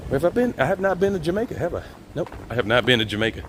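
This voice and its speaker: A man hosting a casual walk-and-talk live stream outdoors, relaxed and chatty, reading the chat aloud and laughing often. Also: on the high side, very fast, a little hiss or hum. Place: outdoors on city streets, walking.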